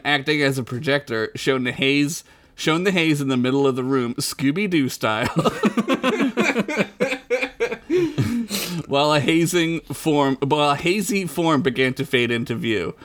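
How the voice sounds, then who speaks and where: A man's voice: medium pitch, a bit bright. A man hosting a podcast, reading his own comedic fantasy story aloud in a playful, giggly way. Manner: giggly, playful, breaks into laughter.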